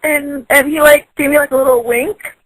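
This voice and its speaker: A woman's voice: high-pitched, steady tone, moderate pace, fairly bright tone, no echo, poor audio. A woman telling a casual story from work, chatty and giggly, full of likes and ums. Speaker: storyteller in a voice post.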